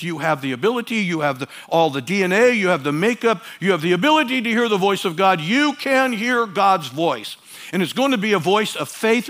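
A man preaching a sermon as pastor, emphatic and repetitive, swinging between loud urging and quiet asides. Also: high-pitched. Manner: repeats phrases for emphasis.

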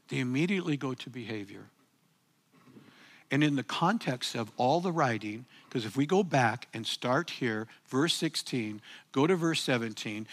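A man preaching a sermon, moving between hushed, intense passages and loud, emphatic bursts while speaking to his listeners casually. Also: fairly high pitch. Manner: addresses listeners as "guys".

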